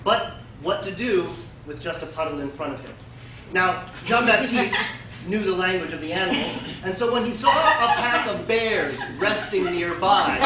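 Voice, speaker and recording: A man telling a folksy tall tale to a live audience in a deadpan, mock-solemn manner. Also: high-pitched, moderate pace. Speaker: storyteller. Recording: echoey room, distant mic, noisy.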